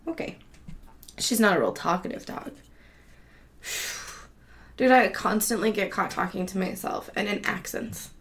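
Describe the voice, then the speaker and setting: Woman host, loose casual chatter, quick laughs, frequent swearing, recorded at home. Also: medium pitch, a bit bright. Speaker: show host. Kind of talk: casual monologue chat.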